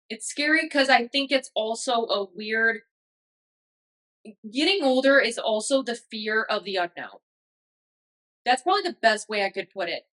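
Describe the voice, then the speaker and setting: A woman's voice: on the high side, bright, forceful tone, low-quality recording. A woman in her thirties hosting a podcast, talking in a casual, emotional way with many fillers. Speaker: podcast host. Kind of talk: casual reflective monologue.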